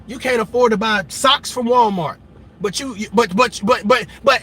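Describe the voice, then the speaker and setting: A man hosting a reaction channel, delivering a loud, emphatic and mocking rant that keeps repeating itself. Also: extremely high pitch, normal speed, breathy edge.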